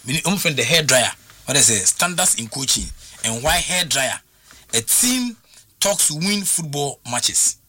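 A man's voice: a little high, animated, measured pace, bright, forceful tone, no echo. A man with a Ghanaian accent talking football on a radio sports show, emphatic and repetitive as he drives his points home. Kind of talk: sports talk radio discussion.

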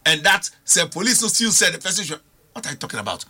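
A middle-aged man with a Ghanaian accent makes his case on a political talk show. His voice is very bright and cutting, and his pitch climbs and falls widely. He pushes every point with emphatic rhetorical questions. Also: very animated, fast. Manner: emphatic, argumentative, rhetorical questions, mixes languages. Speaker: political panelist.

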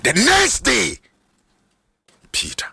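A Ghanaian man delivers a sermon, mixing Twi and English. His voice is gravelly and a little husky, with a bright, forceful edge. He swings widely in pitch, from low talk up to high shouts, in a dry close recording. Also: wildly swooping pitch, slow, no room sound. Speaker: preacher.

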